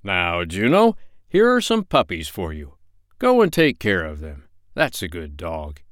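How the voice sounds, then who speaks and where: A man's voice: low-pitched, wildly swooping pitch, a little slow, fairly bright tone, no room sound, studio quality, exaggerated voice. A man voicing a kindly zoo keeper in a storybook, plain and coaxing.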